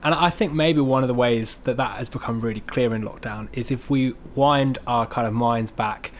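Thoughtful man, halting speech. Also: medium pitch, a little hiss or hum. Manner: thoughtful, hesitant, many restarts. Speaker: podcast guest. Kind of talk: casual chat on faith.

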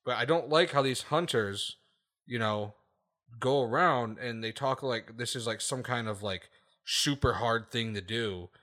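This podcast host speaks a little slowly, his medium-pitched voice bright and forceful. He rants with emphasis and plenty of cursing, peppering his talk with "okay?" checks and laughing at his own remarks.

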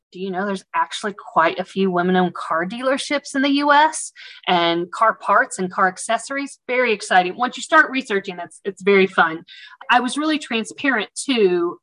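Woman interview guest telling a story, chatty and animated, self-amused. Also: mid-range voice, moderate pace, low-quality recording. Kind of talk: casual storytelling.

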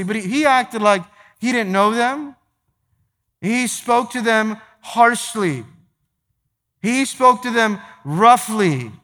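Bright-voiced man preaching in a reverberant hall. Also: high-pitched. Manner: emphatic, repeats phrases and slows down for key points. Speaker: pastor. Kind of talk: sermon. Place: large church sanctuary.

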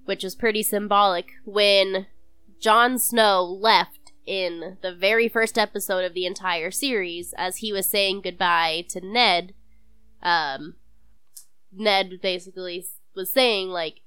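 Smooth-voiced woman explaining things. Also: mid-range voice, steady tone, takes it slowly, sharp tone, no room sound. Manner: explanatory, patient. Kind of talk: casual chat.

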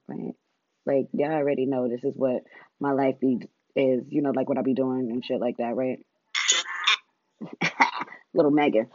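A woman's voice: sits low, mellow, no room sound, highs cut off. Blunt, profane woman ranting with laughs. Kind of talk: casual comedic rant.

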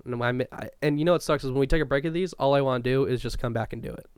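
A man's voice: mid-range voice, rapid-fire, clear, resonant tone, no room sound, studio quality. A young man co-hosting a podcast, talking loosely in a rambling way and swearing often. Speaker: podcast co-host. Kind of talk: casual chat.

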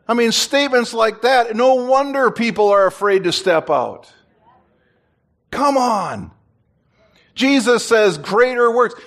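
A man, a pastor, preaching a sermon in an animated way and joking with his congregation. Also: very high voice, slow, pauses often. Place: church.

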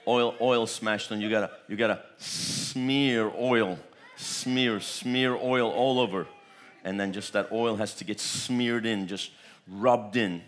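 A man's voice: on the low side, fairly even intonation, slow. A man preaching a charismatic sermon, repeating phrases, chuckling often and breaking into tongues. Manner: repetitive, chuckling, bursts into tongues.

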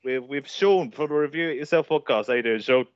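A man co-hosting a casual podcast, laughing often and speaking in an animated way. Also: mid-range voice, a little fast, no echo, muffled recording. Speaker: podcast co-host.

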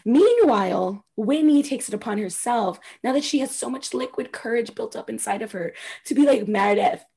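Woman co-host, fairly high husky voice, animated gossip recap, swears freely. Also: normal speed. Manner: animated, swearing, acts out quotes with loud squeals. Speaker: podcast co-host recapping reality TV. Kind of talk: casual chat.

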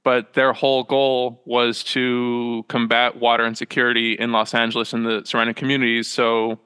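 A young man, a small business owner talking from home as a podcast guest, in a halting, rambling way full of fillers and self-corrections. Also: medium pitch, level tone, bright, forceful tone, clean tone, long reverb tail. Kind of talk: casual interview chat. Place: small room at home with a loft bed.

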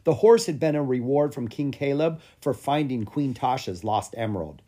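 A storybook reader narrating a children's fantasy tale with lively, animated expression. The voice is mellow and a little husky, rising and falling freely. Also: medium pitch, normal speed. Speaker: audiobook reader. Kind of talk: children's storybook read-aloud.

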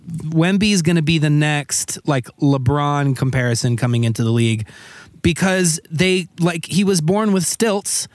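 Male podcast host, slightly higher voice, excitable and rambling, dry close mic. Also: moderate pace, no echo. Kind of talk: casual sports podcast chat.

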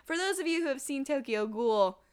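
A woman's voice: high voice, lively intonation, fairly quick. A young woman co-hosting a podcast, chatting casually and teasingly about an anime and explaining it to listeners. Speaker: podcast co-host. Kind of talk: casual anime review chat.

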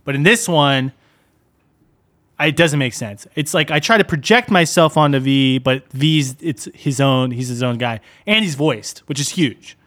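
A man's voice: mid-range voice, measured pace. Laid-back young man, rambling gamer chat. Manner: relaxed, rambling, lots of "like" and "dude". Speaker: podcast co-host. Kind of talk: casual chat.

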